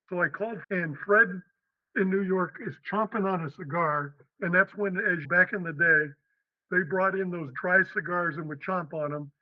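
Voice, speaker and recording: An older man from Western Pennsylvania, a podcast guest, telling his life story in an animated way and acting out the quotes. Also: sits high, moderate pace, no room sound. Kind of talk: storytelling interview. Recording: slightly dull, dry lo-fi podcast audio.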